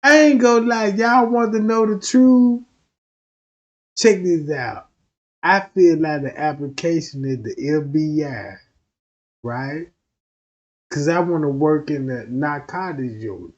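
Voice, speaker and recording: A man's voice: fairly high pitch, a little slow, pauses often, highs cut off. A man doing rowdy, profane comedic commentary on a stream.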